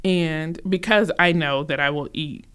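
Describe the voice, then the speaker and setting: A woman's voice: low-pitched, a little slow, fairly bright tone, clean tone. A woman who owns a bakery, telling stories as a guest in a casual chat, laughing often. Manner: chatty storyteller, laughs often. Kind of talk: casual conversation.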